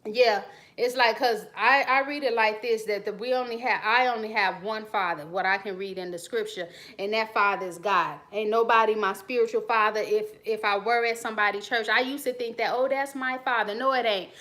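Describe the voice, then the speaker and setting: A woman's voice: medium pitch, brisk, bright, forceful tone. A woman hosting her channel, talking bluntly and animatedly to camera. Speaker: channel host. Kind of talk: casual talk to camera.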